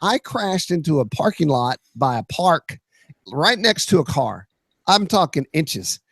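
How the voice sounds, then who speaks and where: A man, hosting a podcast and telling a story with lots of energy, shouting out sound effects and quoted lines. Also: a little high, big pitch swings, unhurried, no room sound. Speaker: podcast host.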